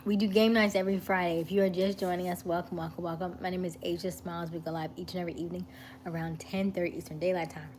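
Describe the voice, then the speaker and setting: A woman hosting a casual live stream, chatting in a relaxed way, greeting viewers by name and snacking while she talks. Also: on the low side, fast talker, slight background noise.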